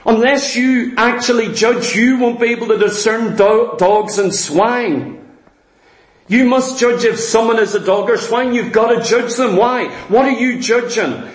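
A man delivers a sermon in a high voice at an unhurried, deliberate pace. He hammers his points through rhetorical questions he answers himself. The sound rings with the echo of a roomy church hall. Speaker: preacher.

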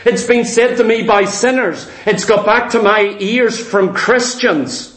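A man's voice: high voice, measured pace, hardly any pauses, a bit bright, reverberant. A man preaching a sermon, speaking earnestly and with emphasis to his congregation.

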